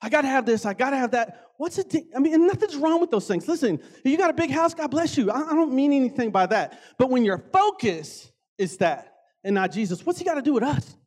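A man preaching a casual sermon, animated and conversational, often acting out voices. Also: very high voice, a little fast.

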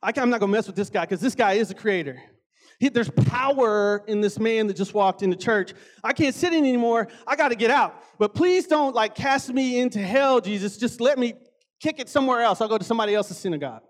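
A man voicing a laid-back male demon who talks casual street slang and gets excitable. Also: high voice, fairly quick. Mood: nervous.

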